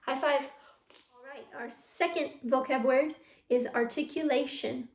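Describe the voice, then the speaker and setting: A woman's voice: sits high, steady tone, unhurried. A woman teaching an online drama class for children, upbeat and encouraging as she leads tongue twisters. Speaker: youth theatre drama teacher. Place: at home on a video call. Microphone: computer mic.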